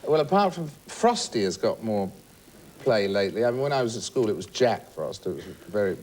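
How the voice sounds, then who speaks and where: Rambling low-voiced man telling anecdotes. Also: sing-song, darkish tone. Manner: rambling, halting restarts, laughing at his own stories. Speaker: guest. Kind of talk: chat show anecdote.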